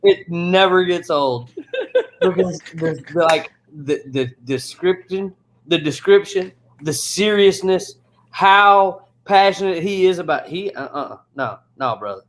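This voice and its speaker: A man's voice: high-pitched, unhurried, fairly bright tone, rough recording. A man talking in casual chat as a guest, laid-back and amused.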